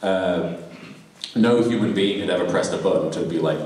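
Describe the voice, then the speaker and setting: A man's voice: low-pitched, huge pitch swings, slow, long pauses, a loud crowd. A man, a voice actor on a convention panel, telling chatty, laughing, self-deprecating anecdotes. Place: large convention hall with audience. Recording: echoey hall, far off, noisy.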